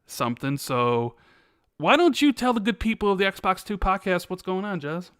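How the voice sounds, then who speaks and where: A man's voice: sits high, big pitch swings, normal speed, fairly bright tone, smooth, dry recording, studio quality. A man co-hosting a gaming podcast in casual chat, stammering and repeating words, chuckling, reading out viewer messages. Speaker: podcast co-host.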